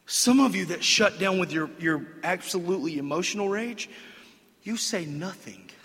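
Male pastor, sermon, high-pitched, dramatic hushes and shouts, echoey hall. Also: a little fast, creaky. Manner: emphatic, animated, acts out quotes, shifts between hushed and shouted.

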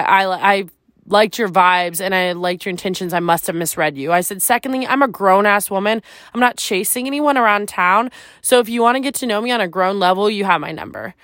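Woman, podcast host, candid storytelling, casual and chatty, lots of "like", swears freely, mid-pitched voice, dry close sound. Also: fairly bright tone, no room sound.

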